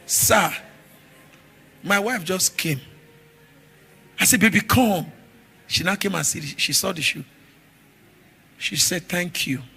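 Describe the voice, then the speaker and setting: A man preaching a sermon, telling stories with animated shifts from shouts to murmurs. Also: high-pitched, slow, creaky, long pauses, slightly rough, soft background music. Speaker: pastor.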